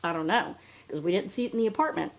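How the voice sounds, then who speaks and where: A woman's voice: fairly low pitch, expressive, quick pace, creaky. A woman hosting a podcast, ranting in a blunt, sarcastic way with lots of swearing. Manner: blunt, sarcastic and heavily profane. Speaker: podcast host. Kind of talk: casual ranting podcast commentary.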